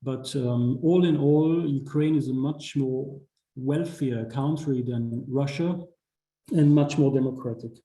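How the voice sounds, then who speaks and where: A middle-aged man speaks in English over a video call, his voice very dark and mellow. He talks in a measured, halting way, full of "uh" and "um" and restarted phrases. The sound is roomy, with a clear echo from the space around him. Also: medium pitch. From Austria. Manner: measured, many fillers and restarts. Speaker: guest speaker, ambassador. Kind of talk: online talk, lecture.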